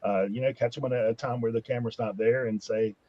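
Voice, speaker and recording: A man's voice: medium pitch, fairly even intonation, fast, dark tone. A man joining a podcast chat as a guest, talking earnestly and filling his sentences with lots of fillers. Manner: earnest, filler-heavy advice. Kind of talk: casual live podcast chat. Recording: dull lo-fi audio.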